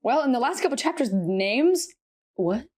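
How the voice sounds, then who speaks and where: Young woman podcast co-host, animated rambling storyteller, slightly high voice. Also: normal speed. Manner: animated, retells stories with lots of fillers. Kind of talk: casual chat.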